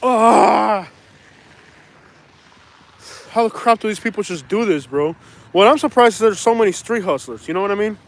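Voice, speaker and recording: Out on a snowy, windy street, this Southern vlogger from Florida rambles in street slang, holding his phone as he walks. He talks fast and expressively in a voice that sits high, with traffic and outdoor noise around him.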